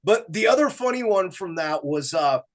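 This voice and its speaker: A man with a high, animated voice trades road stories in a relaxed interview. He acts out other people's lines and laughs easily. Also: normal speed. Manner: animated storyteller acting out quotes, laughing often. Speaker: guest musician. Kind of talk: casual storytelling chat.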